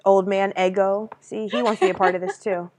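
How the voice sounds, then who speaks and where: A woman co-hosting a casual stream, talking at a medium pitch. She brainstorms in an animated, rambling way, tosses in swear words and breaks into laughter. Her delivery is loose and unscripted. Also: a little fast. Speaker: streamer co-host.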